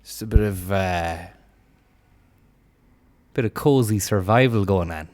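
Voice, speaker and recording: A young Irish man rambling through sweary deadpan jokes while commentating on a game he plays. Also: on the low side, measured pace. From Limerick, Ireland. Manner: meandering, sweary, deadpan riffing. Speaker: gaming streamer. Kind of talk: rambling comic commentary over gameplay.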